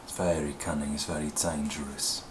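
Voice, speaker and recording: Cunning Cockney street tough, deep, low and menacing, echoey room. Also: male voice, level tone, normal speed. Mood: sly. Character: street-smart, cunning, world-wise Cockney man. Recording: echoey room, faint noise.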